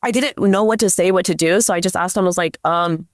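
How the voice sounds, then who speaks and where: A woman's voice: lowish voice, quick pace, dry recording. Chatty young woman, dry close sound. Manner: chatty, leans on "like" constantly. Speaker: police dispatcher guest. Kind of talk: casual storytelling. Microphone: podcast microphone.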